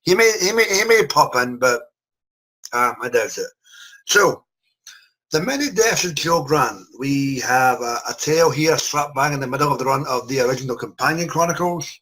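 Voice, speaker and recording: A man hosts a loose, casual podcast chat and introduces his guests with teasing jokes. His voice is bright and forward, and he rambles along with plenty of ums and restarts. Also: mid-range voice, expressive, moderate pace, rough recording. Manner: jokey, rambling with fillers. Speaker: podcast host.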